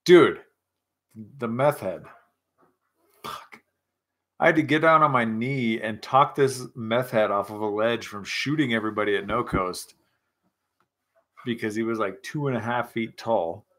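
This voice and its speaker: A man's voice: mid-range voice, unhurried, long pauses, fairly bright tone. A man hosting a casual live chat with viewers, rowdy, joking and profane, a little tipsy. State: tipsy from scotch. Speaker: livestream host.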